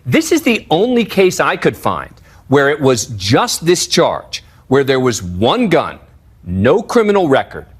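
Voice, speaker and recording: A male legal analyst explaining a case on the news. His voice is husky, and his pitch moves around a lot as he explains. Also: unhurried. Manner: explanatory, lively analytical delivery. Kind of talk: news commentary.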